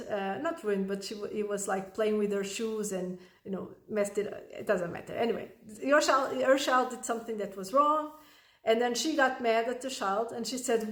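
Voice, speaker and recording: A woman coaching parents in a relaxed, conversational way, with a slightly high voice. She often checks in with "right?" and restarts her thoughts mid-sentence. The room around her adds noticeable echo. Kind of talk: advice talk to camera.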